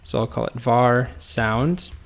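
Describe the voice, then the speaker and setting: A coding instructor with a medium-pitched, gravelly voice takes things slowly in a screen-recorded tutorial. He stays relaxed, explaining each step as he types.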